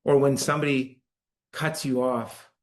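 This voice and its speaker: A man gives a dharma talk to a live audience in a church hall. He speaks in a relaxed, conversational way, often checking in with the listeners. His voice sits at an ordinary middle pitch. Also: measured pace. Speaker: meditation teacher.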